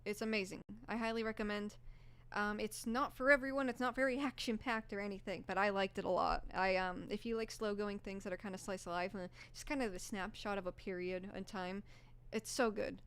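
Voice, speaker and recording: A young woman streamer in casual live-stream chat, rambling and gushing with lots of fillers, her voice a bit hoarse. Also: medium pitch, steady tone, fairly quick, a bit bright.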